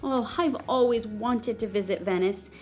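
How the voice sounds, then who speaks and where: A woman's voice: on the high side, moderate pace, darkish tone, faint music behind, natural voice. A woman voicing an elegant, dramatic lady from a painting who sprinkles in Italian words. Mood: wistful.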